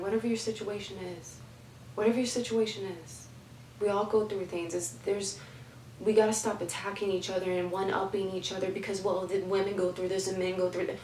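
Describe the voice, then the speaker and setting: A woman's voice: mid-range voice, fairly even intonation, a little fast, darkish tone, reverberant, far from the mic, a little hiss or hum, rough recording. Emphatic woman giving life advice. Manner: emphatic, repeats phrases for stress. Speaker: advice vlogger. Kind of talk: heartfelt advice monologue.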